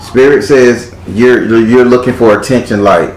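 A man's voice: medium pitch, fairly even intonation, moderate pace, darkish tone, echoey room, slight background noise, poor audio. A man doing a live tarot reading in a theatrical, teasing way, swearing freely as he talks to a client. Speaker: tarot reader.

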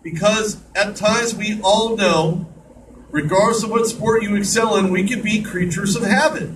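A man hosting an online radio show, talking in a chatty monologue with joking asides. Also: high voice. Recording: distant mic with clear background noise.

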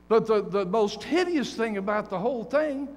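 A man's voice: sits high, lively intonation, moderate pace, darkish tone. A man in his sixties, a guest preacher giving an emphatic, folksy sermon full of stories and jokes in a church sanctuary. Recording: long church reverb.

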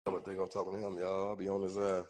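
A man's voice: low voice, monotone, very fast, darkish tone, slight background noise. A man hosting a casual livestream, with a cold, talking in a profane, boastful, rambling way full of street slang. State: has a cold. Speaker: livestream host.

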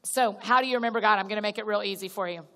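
A woman's voice: medium pitch, steady tone, rapid-fire, sharp tone. A woman giving a conversational sermon as a guest speaker at a church gathering. She talks directly to the crowd, calls them y'all, restarts sentences, and acts out little prayers. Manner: chatty, direct, addresses listeners as y'all. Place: church auditorium. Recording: long reverb of a large hall.

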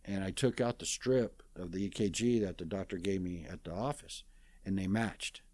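A man in his sixties, guesting in an interview, speaks in a low, darkish voice at a moderate pace, recorded dry. His retelling of a story is casual and plain-spoken, folksy with lots of "I says," and he voices others' lines as quoted dialogue.

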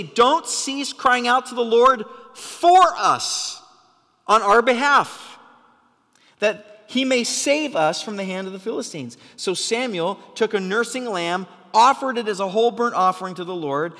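A man preaching a sermon as pastor, passionate and sometimes yelling to drive a point home. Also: sits high, long reverb tail. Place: church hall.

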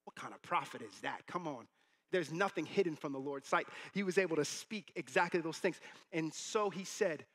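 A man in his thirties preaching a sermon as pastor, telling stories and acting out the quoted voices. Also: a little high. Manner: animated storytelling, acting out quotes.

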